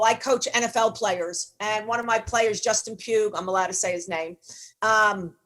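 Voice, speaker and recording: A middle-aged woman with a fairly high, fairly bright voice leads a motivational teaching session on leadership. Her delivery is blunt and emphatic, with casual swearing thrown in.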